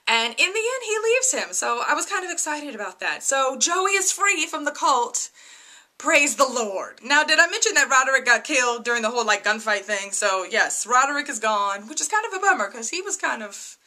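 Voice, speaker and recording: A young woman chatting excitedly through a casual TV episode review, full of fillers and "right?". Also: high-pitched, normal speed. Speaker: TV review vlogger.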